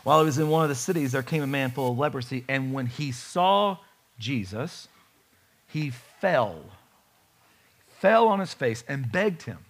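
A man preaching a sermon, animated and full of rhetorical questions to his congregation. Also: mid-range voice, normal speed. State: has a bad knee. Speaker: pastor.

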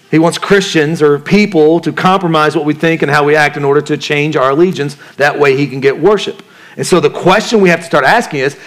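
A male pastor delivers a sermon in a conversational style, his voice sitting a little on the high side for a man. He keeps throwing questions to the congregation and slips casual slang and jokes into his teaching.

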